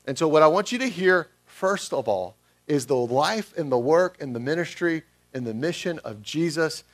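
A man's voice: a little high, lively intonation, normal speed. Conversational male pastor preaching. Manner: conversational, asks the congregation questions. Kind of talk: sermon.

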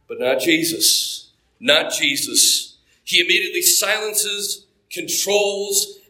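Texan male pastor, forceful sermon delivery, roomy echo. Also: fairly high pitch. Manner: emphatic preaching, repeats key phrases. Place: church sanctuary. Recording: echoey church room.

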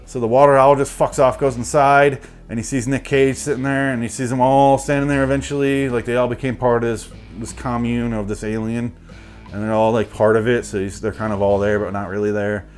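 A man rambles through a movie recap, sardonic and cursing freely. His voice sits at an ordinary middle pitch. Faint music plays underneath. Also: flat delivery, fairly quick. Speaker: movie reviewer.

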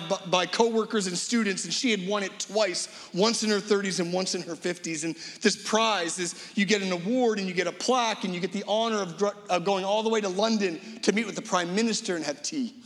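A middle-aged man preaching a sermon as guest pastor, swinging between loud emphatic lines and hushed, low ones. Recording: long reverb of a large hall.

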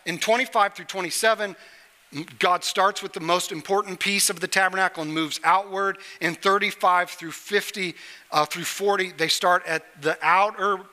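A man's voice: high-pitched, steady tone, moderate pace, pushed and bright, long reverb tail. A middle-aged man preaching a sermon from a church stage, talking conversationally and joking with the congregation. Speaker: pastor.

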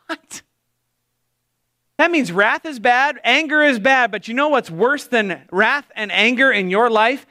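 High bright-voiced male preacher. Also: measured pace. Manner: animated, acts out quoted voices. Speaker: pastor. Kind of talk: sermon.

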